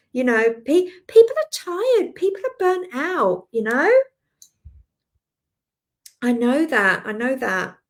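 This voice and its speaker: A woman's voice: on the high side, fairly bright tone. An Australian woman in her forties, a spiritual healer chatting casually on a live stream, rambling, laughing often and answering viewers by name. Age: 40s.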